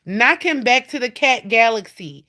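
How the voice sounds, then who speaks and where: A woman hosting a casual livestream from home, animated, blunt and profane as she talks straight to her viewers. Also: fairly high pitch, a little slow. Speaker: livestream host. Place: at home indoors.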